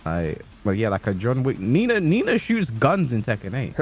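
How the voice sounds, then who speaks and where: Animated man riffing on a stream. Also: medium pitch, moderate pace. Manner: animated, rambling riffs with lots of fillers. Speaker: esports tournament commentator. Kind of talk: casual stream commentary.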